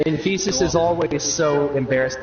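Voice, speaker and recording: A young man streaming, riffing comedically in an animated, rambling way. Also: on the high side, normal speed, far from the mic, music in the background. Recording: muffled, roomy, from off the mic.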